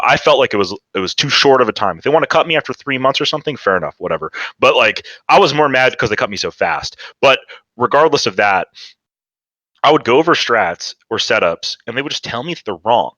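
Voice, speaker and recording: A man's voice: mid-range voice, big pitch swings, fast talker, sharp tone, no echo. A young man from Canada, a podcast guest and former pro player, telling stories in casual chat full of fillers and swearing. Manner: rambling, heavy filler words, swearing.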